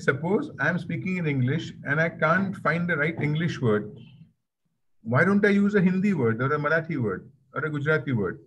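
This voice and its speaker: A man's voice: fairly high pitch, a bit bright, slight background noise, poor audio. A man with an Indian accent giving a conversational webinar talk, anecdotal and repeating phrases for emphasis, over a video call. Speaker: webinar guest speaker.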